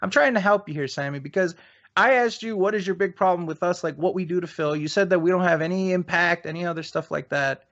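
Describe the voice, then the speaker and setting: Hosting a podcast in dull lo-fi audio, a high-pitched man with a slightly bright voice talks quickly while needling and mocking his guest in a heated debate. He often restarts his sentences.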